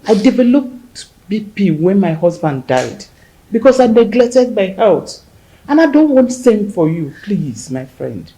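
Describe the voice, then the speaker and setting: An actress playing an earnest middle-aged widow who comforts a grieving friend in a film drama. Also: female voice, mid-range voice, dark tone, rough recording. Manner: soothing and earnest.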